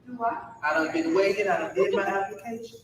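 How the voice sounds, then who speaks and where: A woman's voice: medium pitch, fast, a little hiss or hum, natural voice. A woman comedian playing a weary older single mother who complains over and over about her food stamps. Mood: fed up. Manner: exasperated, repetitive complaining. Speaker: comedian in a sketch. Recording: echoey, distant clip with faint ambience.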